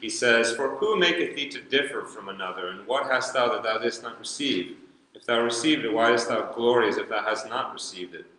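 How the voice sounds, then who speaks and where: A man's voice: medium pitch, fairly bright tone. A man teaching a verse-by-verse Bible study in a conversational way, reading scripture aloud and chuckling now and then, in a large room. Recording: very echoey hall with long reverb.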